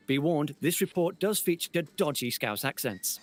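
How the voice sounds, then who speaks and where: A man giving a spoof field news report in a deadpan reporter manner. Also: a little high, normal speed, few pauses.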